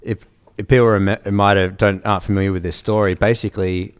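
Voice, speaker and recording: A man's voice: fairly low pitch, little pitch movement, fairly quick, smooth. A man co-hosting a casual chat, explaining a news story in a thoughtful way. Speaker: podcast co-host.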